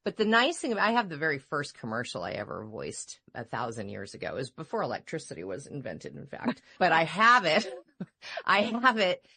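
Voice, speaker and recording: A woman voice-over coach and radio personality in casual chat, expressive and jokey. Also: sits low, moderate pace, creaky, slightly rough.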